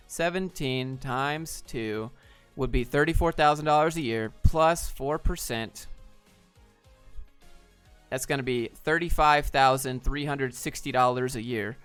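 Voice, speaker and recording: A man's voice: mid-range voice, a bit bright, clear, resonant tone. Laid-back man answering live chat. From Georgia, US. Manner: laid-back, reads viewer questions aloud and answers bluntly, says dude. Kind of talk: casual livestream chat.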